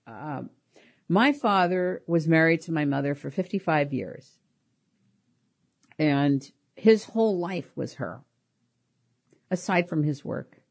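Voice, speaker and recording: Lower-voiced woman telling family stories. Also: slow pace, vocal fry, pauses often, husky. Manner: animated, laughs often, repeats words. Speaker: podcast host. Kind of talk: personal storytelling.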